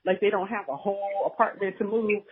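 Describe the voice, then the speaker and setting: A woman's voice: mid-range voice, brisk, slight background noise. Chatty woman on a tinny phone line. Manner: animated gossipy storytelling, acting out characters' lines. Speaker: podcast co-host. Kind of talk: casual chat recapping a drama.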